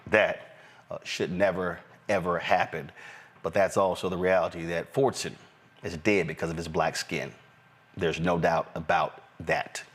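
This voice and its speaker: Male news show host with a somewhat low voice; steady, deliberate reads with plenty of "uh"s. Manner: deliberate, frequent "uh" fillers. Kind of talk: news commentary and show sign-off.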